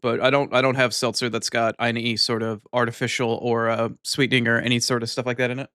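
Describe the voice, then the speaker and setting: A man's voice: mid-range voice, flat delivery, sharp tone, clear, resonant tone, no echo. Male streamer, chatty and profane, dry booth-like audio. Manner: loose, swearing, ends lines with a cat-like "nyan" tic; talks while eating, mumbled and unhurried. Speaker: live streamer. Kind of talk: casual chat with viewers.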